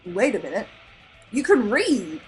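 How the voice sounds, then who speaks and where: A woman's voice: medium pitch, sing-song, measured pace, a little mellow, soft background music, rough recording. Woman doing a fretful clownfish dad. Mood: worried. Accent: Australian. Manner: fretful and urgent. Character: anxious protective male clownfish father. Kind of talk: storybook read-aloud.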